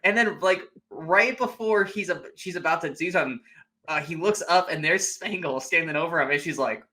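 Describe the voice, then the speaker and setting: A man's voice: on the high side, moderate pace, sharp tone. A young man co-hosting a podcast, casually retelling a movie and acting out its lines. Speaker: podcast co-host. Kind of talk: casual movie recap chat.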